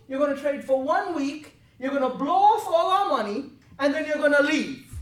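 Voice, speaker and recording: A high-pitched woman delivers a fierce, profane talk to her traders and keeps demanding that they answer her. She is picked up from a distance in an echoing meeting room. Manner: intense, blunt, profane, presses for answers. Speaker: trading desk head. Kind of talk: confrontational mentoring talk. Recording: roomy, from a distance.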